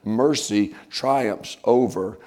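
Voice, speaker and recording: A pastor preaching a sermon in church, reading scripture and giving folksy everyday examples; his voice strains and rises when he gets excited. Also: lowish voice, very slow. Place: church sanctuary.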